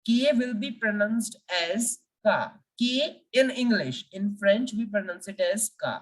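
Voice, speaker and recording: A woman teaching the French alphabet, speaking deliberately and repeating each letter for learners. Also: mid-range voice, distant mic, poor audio. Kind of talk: language lesson.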